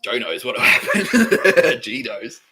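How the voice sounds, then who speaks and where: A man's voice: medium pitch, big pitch swings, takes it slowly, poor audio. An Australian man hosting a podcast, telling a rambling, profane comic story and laughing between phrases. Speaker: podcast host.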